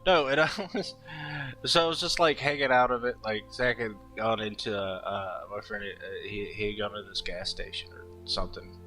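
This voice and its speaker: Rambling young man with a bright voice. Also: on the low side, steady tone, normal speed, soft background music, low-quality recording. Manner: rambling, laughs often, many fillers and restarts. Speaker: artist streaming while drawing. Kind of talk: casual storytelling while drawing.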